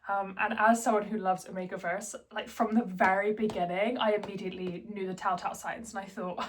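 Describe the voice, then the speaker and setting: A woman's voice: medium pitch, flat delivery, a little fast, a little hiss or hum. A young woman, chatting to camera as a book vlogger in a chatty, giggly way. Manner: chatty and giggly, with many fillers. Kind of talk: casual chat to camera.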